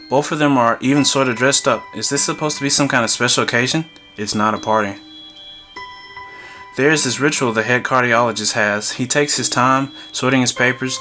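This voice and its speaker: A man's voice: medium pitch, pushed and bright. A man reading a visual novel aloud for a gaming video, breaking off for jokey asides and chuckles. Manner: jokey asides, chuckles between read lines.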